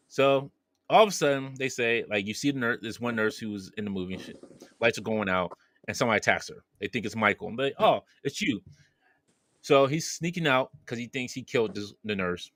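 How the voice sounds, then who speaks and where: A man's voice: fairly low pitch, a bit bright, dry recording. A man casually retelling a movie plot as a podcast co-host, acting out the characters' lines as he goes.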